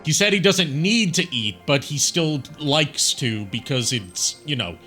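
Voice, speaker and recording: A man's voice: fairly high pitch, animated, measured pace, music in the background. A man streaming a video game with friends, chatting casually and joking as he plays. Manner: joking, laughs easily. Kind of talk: casual chat over gameplay.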